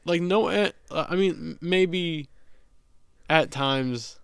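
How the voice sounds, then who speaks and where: A young man co-hosting a podcast in casual chat, halting often with fillers and restarts. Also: a little high, creaky, clean tone, no room sound, studio quality. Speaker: podcast co-host.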